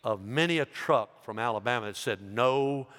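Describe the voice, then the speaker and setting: A male pastor preaching a sermon with fervor, building loud and high on his emphatic points and dropping low and quiet for asides. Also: normal speed. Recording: long hall reverb.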